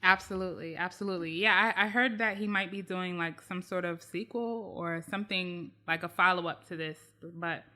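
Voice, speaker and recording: A woman with a lowish voice co-hosts a podcast, talking pop-culture news casually and emphatically at normal speed with hardly any pauses. She's animated and repeats phrases to drive points home.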